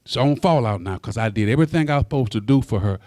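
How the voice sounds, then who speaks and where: A pastor in his sixties preaching a folksy sermon straight to his congregation. His voice swoops up high when he presses a point, and he stammers over repeated words as he builds. The sound is dry and close, with a mid-pitched tone. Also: lively intonation, very fast, darkish tone, no room sound. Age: 60s.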